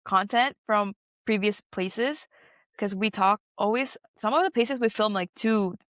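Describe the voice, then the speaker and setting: A woman's voice: medium pitch, measured pace, fairly bright tone, dry recording. A woman speaking as a podcast guest, chiming in briefly in casual chat.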